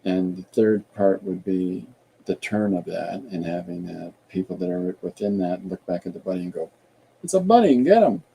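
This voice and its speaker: A man hosting an art podcast, thinking aloud in a relaxed, rambling way while he draws and reads viewer comments. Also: low voice, normal speed, vocal fry, a little hiss or hum, low-quality recording. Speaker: artist and podcast host. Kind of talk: casual livestream chat while drawing.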